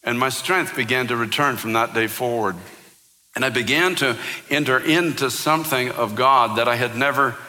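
A man's voice: mid-range voice, normal speed, pushed and bright, in a large hall. A man preaching a sermon as pastor, telling a personal story with impassioned, rising intensity.

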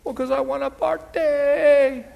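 A man's voice: extremely high pitch, flat delivery, a little slow, vocal fry, darkish tone, voice pushed up, exaggerated voice. A man voicing a careless, rebellious young prodigal son who whines and defies his father. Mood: defiant.

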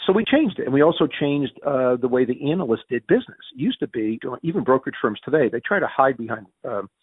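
Middle-aged and from the Northeastern US, this Yankee-accented former mayor and finance executive is interviewed, his husky male voice lively in pitch. He storytells fast and excitably, restarting sentences and performing quotes with large pitch swings, on a dry, tinny, phone-like recording.

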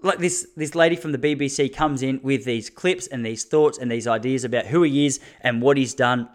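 A man's voice: mid-range voice, moderate pace. An Australian man in his thirties hosting a solo podcast, talking intensely and laughing between his points. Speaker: podcast host. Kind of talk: casual solo podcast monologue.

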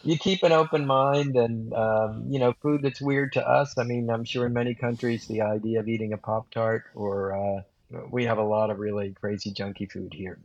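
A man's voice: mid-range voice, moderate pace, no room sound. A man who is a guest on a grilling podcast, telling vivid anecdotes in an interview. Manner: animated, vivid storyteller. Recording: slightly muffled dry recording.

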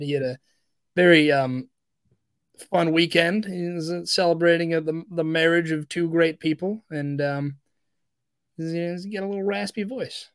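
A man's voice: on the high side, no room sound, clean studio sound. A young man hosting a casual sports podcast, chatty and full of fillers. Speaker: podcast host.

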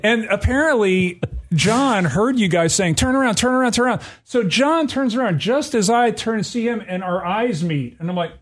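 A man co-hosting a podcast in easygoing casual chat, talking with many fillers and quick affirmations. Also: sits high, animated. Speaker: editor and podcast co-host.

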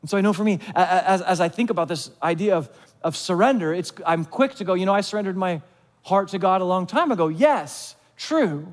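High-voiced man preaching in a reverberant hall. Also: brisk. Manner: conversational, questioning the listeners directly; acts out short voiced asides. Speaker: pastor. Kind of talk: sermon.

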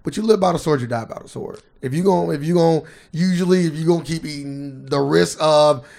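A man hosting a podcast in casual chat, telling stories animatedly and acting out quotes loudly. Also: fairly high pitch, brisk, vocal fry. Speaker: podcast host.

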